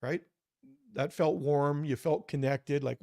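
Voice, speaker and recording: A man's voice: fairly high pitch, fairly even intonation, takes it slowly, gravelly, warm tone, dry recording, clean studio sound. A man co-hosting a podcast, talking earnestly about communication and acting out short example dialogues. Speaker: podcast co-host. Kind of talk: conversational advice talk.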